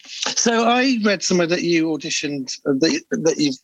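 A man's voice: on the high side, lively intonation, moderate pace, no echo, rough recording. A man, a comedian co-hosting an interview, chatting in an easygoing way. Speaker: comedian and podcast co-host. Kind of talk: interview chat.

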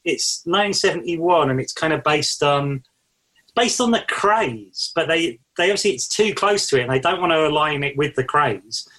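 Husky man chatting about films. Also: on the high side, animated, normal speed, sharp tone. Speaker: podcast co-host. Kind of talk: casual chat.

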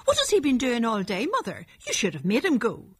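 A woman voicing a scornful older sister who exclaims in a high, husky voice. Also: wildly swooping pitch, fairly quick, exaggerated voice.

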